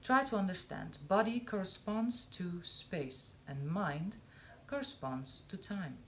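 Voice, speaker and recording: Woman reads a spiritual talk aloud, unhurried and deliberate, low-ish voice, faint hiss behind. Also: fairly bright tone. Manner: slow, measured, with long pauses between phrases. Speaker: reader of spiritual texts. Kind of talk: reading a spiritual discourse aloud.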